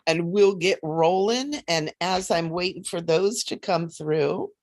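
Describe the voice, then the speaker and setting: A woman hosting a casual psychic livestream, chatty and animated, often laughing as she reads cards. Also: lowish voice, slow pace. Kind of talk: casual livestream chat with card readings.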